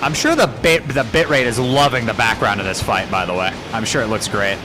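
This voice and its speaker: A young man streaming a video game live, joking with chat and yelping in excitement when the game surprises him. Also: medium pitch, brisk, over music. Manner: excitable and jokey, voice shooting up when startled.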